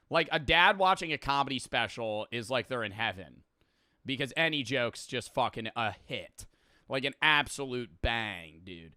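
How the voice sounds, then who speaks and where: A young man gives casual reaction commentary, swearing and laughing. His voice swings widely in pitch and sounds bright and crisp. The recording is dry and close. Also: animated, a little slow, dry recording. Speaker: YouTube host.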